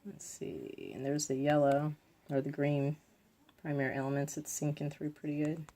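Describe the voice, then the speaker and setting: A woman's voice: deep voice, lively intonation, normal speed, warm tone. A woman vlogging as she paints, thinking aloud about her choices and tossing in playful asides. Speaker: craft vlogger. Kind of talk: casual talk while painting.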